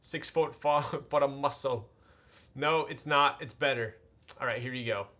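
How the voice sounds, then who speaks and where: A man's voice: medium pitch, unhurried, sharp tone. A man chatting casually with his live-stream audience while he builds a keyboard, greeting viewers in a laid-back way.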